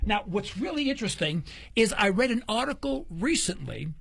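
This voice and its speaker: A man's voice: high-pitched, normal speed, vocal fry, slightly rough, no room sound. A man hosting a talk radio show, telling stories casually and acting out the voices of the people in them. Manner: animated storyteller, acts out quoted dialogue.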